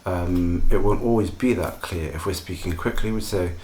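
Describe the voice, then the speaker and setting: Deep-voiced pronunciation teacher. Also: male voice, darkish tone. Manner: measured, reassuring explanations. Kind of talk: solo video lesson.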